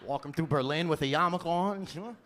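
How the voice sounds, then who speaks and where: A man's voice: on the high side, brisk, slight background noise. A man, doing a stand-up set in a loose, chatty style, laughing at his own jokes. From New York. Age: 20s. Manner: lively, loose delivery, laughs at own jokes, frequent "you know?". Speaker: stand-up comedian. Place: comedy club stage.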